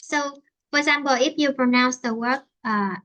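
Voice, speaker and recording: A woman's voice: high voice, normal speed, a bit bright, muffled recording. A woman with a Vietnamese accent teaching an English lesson, switching between Vietnamese and English and explaining with many fillers and restarts.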